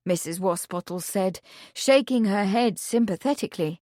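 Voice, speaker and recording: Slow expressive woman reading a mystery audiobook, dry sound, pitch moves a lot. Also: dry recording. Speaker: audiobook narrator. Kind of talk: scripted narration.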